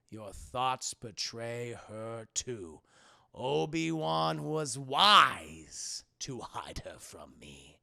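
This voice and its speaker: A man voicing a menacing male dark lord, speaking slowly and gravely. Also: medium pitch, voice pushed down, heavily acted. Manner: slow, drawn-out, grave.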